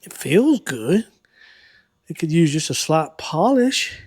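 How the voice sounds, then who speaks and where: High-voiced man in his shop. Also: big pitch swings, takes it slowly, slightly rough. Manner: chatty, folksy, thinks out loud while working. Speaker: host of a car-building channel. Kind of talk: casual shop vlog talk to viewers.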